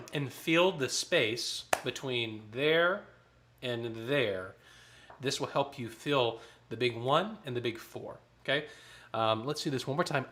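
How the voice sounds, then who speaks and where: A man leading a choir rehearsal online, coaching the singers in a friendly way, checking in often and clearing his throat now and then. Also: medium pitch, bright, forceful tone, slight background noise. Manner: counts in and demonstrates rhythms aloud. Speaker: choir director.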